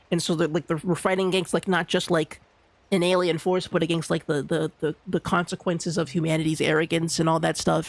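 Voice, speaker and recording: A man's voice: fairly high pitch, creaky, no echo. A young man streaming a game, rambling in casual commentary with constant restarts and fillers. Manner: rambling, restarts, lots of "like" and "you know". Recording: game music behind the voice.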